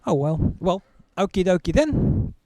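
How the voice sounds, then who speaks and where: A man's voice: high-pitched, big pitch swings, measured pace, dark tone, pitched above the performer's own voice, full character voice. Man doing a bumbling, chummy Spanish cop. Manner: hesitant, fumbling, chummy. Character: bumbling, friendly male Spanish policeman.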